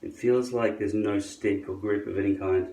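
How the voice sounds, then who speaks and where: A man's voice: lowish voice, steady tone, moderate pace, vocal fry, dark tone, far from the mic. A man demonstrating how he applies a hairpiece, talking to his viewers in a sardonic, grumbling way and swearing often. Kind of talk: casual how-to monologue to camera. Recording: echoey room.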